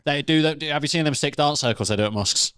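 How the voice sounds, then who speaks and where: A man co-hosting a comedy debate show, trading crude jokes with a deadpan, mock-earnest delivery. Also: a little high, fast talker, smooth, no room sound, studio quality. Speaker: co-host.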